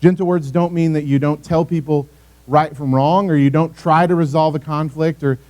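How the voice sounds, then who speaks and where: Young guy youth pastor, chatty talk that keeps asking the kids stuff, kinda high voice but mellow. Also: fairly even intonation, normal speed. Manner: conversational, asks the audience for responses.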